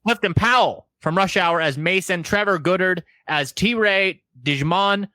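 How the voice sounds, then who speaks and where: A man's voice: sits high, measured pace, pushed and bright, no room sound. A man co-hosting a horror podcast, casually reading off film credits with profane jokes. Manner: profane, jokey. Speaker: podcast co-host.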